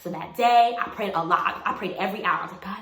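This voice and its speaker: Bright-voiced woman telling her story. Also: mid-range voice, fast. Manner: animated, laughs a lot, acts out quotes. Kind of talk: casual storytime chat. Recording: echoey room with faint noise.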